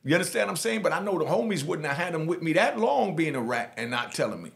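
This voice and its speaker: A man's voice: expressive, fast talker, creaky, few pauses. A middle-aged man from New York with a Jamaican New York accent, telling his prison stories in street slang with many "you know what I mean" asides. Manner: acts out other voices, dropping low and soft for them. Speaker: storyteller recounting prison life. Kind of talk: casual spoken storytelling.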